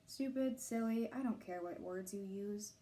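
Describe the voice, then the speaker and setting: A caring, protective mother who speaks in a gentle, reassuring way, as a woman puts her on while reading aloud. Her tone is mellow and soft rather than bright. She remains firm when she needs to be. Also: medium pitch, a little slow, close to an everyday voice. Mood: comforting.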